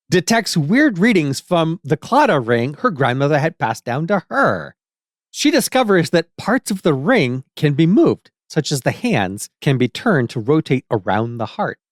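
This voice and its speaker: A man co-hosting a podcast, pitching a story idea and joking with the others. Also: big pitch swings, a little slow, no room sound, studio quality. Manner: laughs easily, swears casually. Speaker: podcast co-host. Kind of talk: casual chat.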